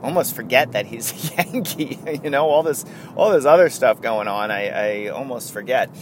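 A man's voice: mid-range voice, moderate pace, slight background noise. A man hosting a casual sports podcast, rambling and correcting himself as he chats. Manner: rambling, self-correcting, chatty. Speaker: podcast host.

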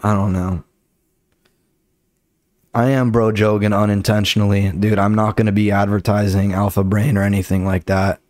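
Casting: a low-voiced guy comic, rambling and cursing, recorded dry and close. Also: level tone, moderate pace, a little mellow, dry recording. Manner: profane, rambling, loose. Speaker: comedian and podcast host. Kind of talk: casual comedic storytelling.

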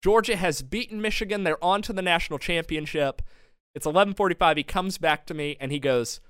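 Young man telling a lively story. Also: fairly high pitch, fairly quick, smooth, dry recording, studio quality. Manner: animated storyteller, often laughing. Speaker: podcast co-host. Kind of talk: casual storytelling. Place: home studio.

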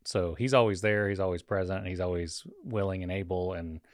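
A man's voice: low-pitched, fairly even intonation, a little fast, dry recording, clean studio sound. A man co-hosting a podcast in a loose, joking chat, laughing often as he talks. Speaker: podcast co-host. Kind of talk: casual chat. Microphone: studio mic.

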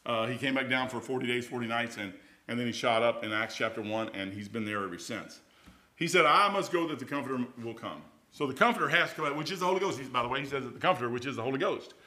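A man preaching an informal sermon, folksy and conversational, rising loud and then dropping quiet. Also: mid-range voice, fast.

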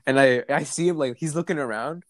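A man's voice: fairly high pitch, brisk, no echo. A young man casually telling a work story, swearing freely and acting out the other people in it. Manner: laid-back storyteller, swears freely, acts out voices. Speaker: co-host telling work stories. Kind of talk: casual chat.

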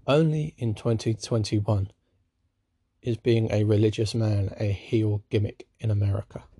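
A man's voice: fairly low pitch, fairly even intonation, measured pace, dark tone, breathy edge, no echo. A man giving a casual spoken recap of a wrestling show, with dry, sarcastic asides.

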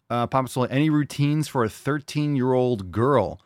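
A man's voice: mid-range voice, normal speed, few pauses, dry recording, studio quality. A man hosting a fitness podcast, coaching listeners in a blunt, joking, profane casual chat.

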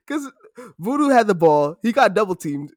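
A young man chatting with a friend, his voice swinging up and down with lively energy as he tells stories. He sits at a somewhat high pitch for a man, and the recording is dry and close with no room sound. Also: no echo. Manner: animated storytelling with loud shouted impressions and frequent laughter. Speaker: podcast co-host. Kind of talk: casual chat.

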